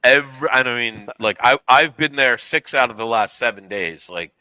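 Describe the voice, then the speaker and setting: A man's voice: medium pitch, lively intonation, moderate pace, bright, forceful tone, clean tone, no echo, low-quality recording. A man chatting casually on a podcast and telling rambling anecdotes with asides. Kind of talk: casual chat.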